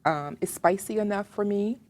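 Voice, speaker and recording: Working in her kitchen, a Southern American woman hosts a home cooking show and chats away to the viewer. Her voice is medium in pitch and a little mellow, moving at a normal speed.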